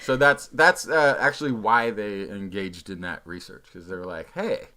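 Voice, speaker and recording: A man co-hosting a science podcast, explaining research with quick restarts. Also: lowish voice, fairly even intonation, pushed and bright, smooth. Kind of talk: casual chat.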